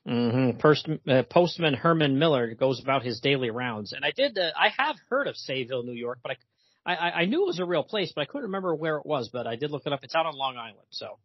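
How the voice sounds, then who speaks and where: A man's voice: medium pitch, lively intonation, fast talker, breathy edge, dry recording, lo-fi sound. A man co-hosting a comics podcast in casual chat, talking in a hesitant, chatty way with many fillers.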